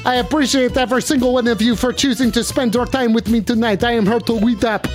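A man doing a high, overwrought French call-in host. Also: fairly even intonation, fast talker, faint music behind. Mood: dramatic. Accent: put-on French. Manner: theatrical, overwrought and needy, pleading. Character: flamboyant French man hosting a late-night call-in show.

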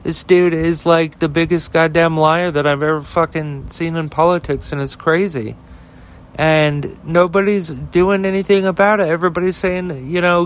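A podcast host flies solo in a heated, profane, rambling rant full of fillers and restarts. His voice is fairly high and fairly bright, with a clear, resonant tone.

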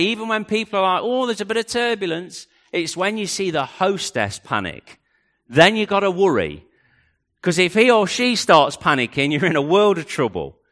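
Animated preacher, man. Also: high voice. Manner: dramatic, rising and dropping to near hush. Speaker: pastor. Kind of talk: sermon.

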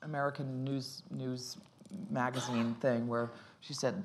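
A woman's voice: extremely low pitch, normal speed, slight background noise. A middle-aged actress talking casually in an interview, rambling and restarting her sentences, often laughing.

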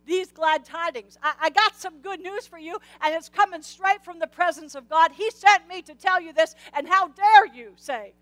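A woman's voice: very high-pitched, normal speed, hardly any pauses, a bit bright, no room sound. A woman voicing a mighty male angel who speaks in a stern, emphatic way. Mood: indignant.

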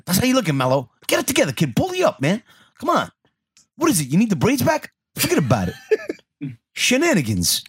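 A man co-hosting a podcast in casual chat, loud and profane, slipping Spanish slang into his talk. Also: high voice, huge pitch swings, fairly quick, husky. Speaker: podcast co-host.

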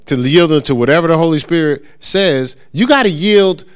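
A middle-aged man teaching a church congregation in a relaxed, conversational way, acting out the voices of churchgoers and checking in with his listeners. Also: on the high side, moderate pace, smooth. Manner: animated, acts out voices of churchgoers and callers; conversational with frequent check-ins. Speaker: pastor teaching. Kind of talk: informal church teaching talk.

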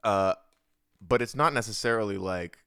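A young man with a very deep, smooth voice, rambling loosely through casual podcast talk with plenty of slang. He is close on a dry studio mic, with no room sound at all. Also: moderate pace, a bit bright, no room sound. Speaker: podcast host.

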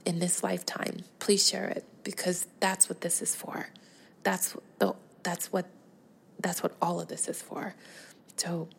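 Gravelly low-voiced woman, soft and whispery. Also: a little hiss or hum. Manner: soft, often breathy half-whisper, gentle and earnest. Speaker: podcast host. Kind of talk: heartfelt podcast sign-off.

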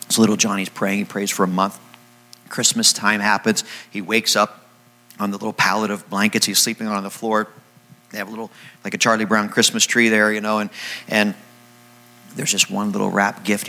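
A man's voice: fairly low pitch, flat delivery, brisk, pauses often, sharp tone. A man preaching a sermon to his congregation, telling stories with jokes and acting out the characters. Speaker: pastor. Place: church.

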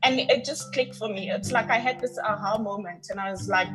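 A woman's voice: medium pitch, fairly quick, music in the background, low-quality recording. Heartfelt woman telling her story. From North West, South Africa. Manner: heartfelt, emphatic, leans on repeated words. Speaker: podcast guest. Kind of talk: personal storytelling in an interview.

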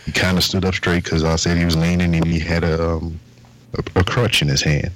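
A man with a very low voice tells a story from his job in a laid-back, profane way. He keeps dropping into the voices of the people involved. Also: level tone, brisk, fairly bright tone, low-quality recording. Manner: laid-back, profane, acts out the exchange in quotes. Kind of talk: casual storytelling with swearing.

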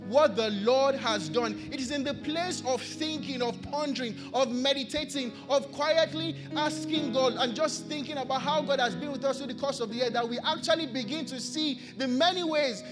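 A Nigerian man preaching a sermon, earnest, returning again and again to repeated refrains. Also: very high-pitched. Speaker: pastor. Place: church.

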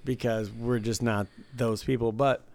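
A man's voice: mid-range voice, fairly even intonation, measured pace, a little mellow. A man in casual chat who talks with a foul mouth and poses hypothetical questions.

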